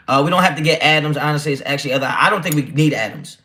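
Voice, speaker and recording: A man's voice: a little high, brisk, bright, forceful tone. A man hosting a casual football livestream, talking brashly and with a lot of swearing as he answers his chat. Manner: brash, profane, reads chat aloud. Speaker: livestream host.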